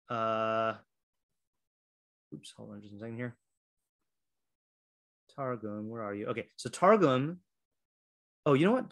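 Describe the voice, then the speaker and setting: A man's voice: medium pitch, fairly bright tone. A man teaching a Torah class in a casual, chatty way, full of fillers and restarts, reading passages aloud and explaining them.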